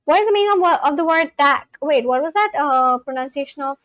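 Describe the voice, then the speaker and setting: High-voiced woman chatting on a livestream. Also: lively intonation, fairly bright tone, no echo, highs cut off. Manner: chatty, thinks aloud, sounds out foreign words slowly. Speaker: language-learning livestreamer. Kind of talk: casual livestream chat.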